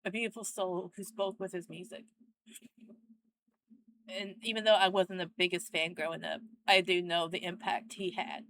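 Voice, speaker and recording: A young woman hosting a reaction channel, speaking in a casual, earnest and heartfelt way, often halting as she searches for words. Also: lowish voice, little pitch movement, fairly bright tone, rough recording.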